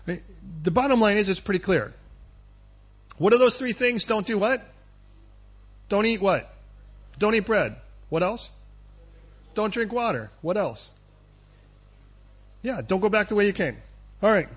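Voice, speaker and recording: A man's voice: sits high, animated, moderate pace, long pauses, highs cut off. A male pastor preaching a sermon in a conversational, punchy way, quizzing his listeners.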